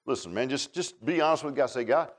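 A man's voice: mid-range voice, animated, brisk. A man preaching a sermon as pastor, in a folksy, conversational way, repeating phrases and calling people "man".

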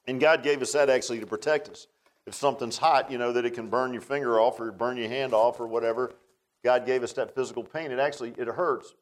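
A man preaching, folksy and conversational. His voice sits at an ordinary pitch. He swings from loud emphasis to hushed, close tones as he tells a story. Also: poor audio. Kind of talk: sermon.

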